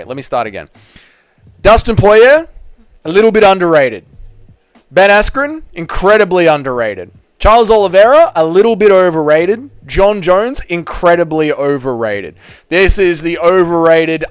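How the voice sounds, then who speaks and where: Australian man, smooth voice, blunt banter. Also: a little high, no echo, studio quality. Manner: blunt, swears freely, banters with chat. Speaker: livestream host. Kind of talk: casual livestream chat, reading out viewer comments.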